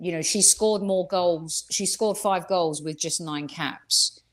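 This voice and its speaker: A woman's voice: lowish voice, slow pace. A woman giving football predictions as a guest on a video call, thoughtful and hesitant with fillers. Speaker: guest pundit. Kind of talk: casual football chat.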